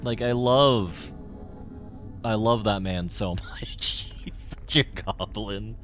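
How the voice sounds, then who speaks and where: A man's voice: fairly low pitch, slow pace, music in the background. A man streaming a game, rambling and joking with his chat in casual commentary. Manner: rambling, jokey, talks to chat.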